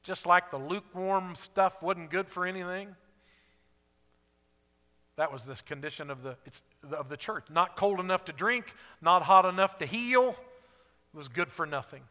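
Animated high-voiced preacher in an echoey hall. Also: male voice, normal speed. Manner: animated, acts out short dialogues. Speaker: pastor. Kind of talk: sermon.

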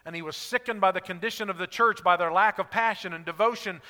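Animated high-voiced preacher in an echoey hall. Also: male voice, fast talker. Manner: animated, acts out short dialogues. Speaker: pastor. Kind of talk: sermon.

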